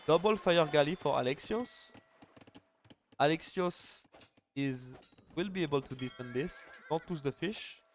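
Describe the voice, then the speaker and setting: A man's voice: a little high, a little slow, slight background noise. A young man casting a live strategy game final, chatty and joking, with lots of "like" fillers. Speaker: esports caster.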